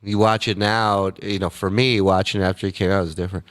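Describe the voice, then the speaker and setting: A man's voice: little pitch movement, fast, dry recording. Profane streamer man, dry close sound. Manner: loose and profane, jumps into loud high impressions. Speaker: livestream host reading viewer messages. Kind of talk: casual chat.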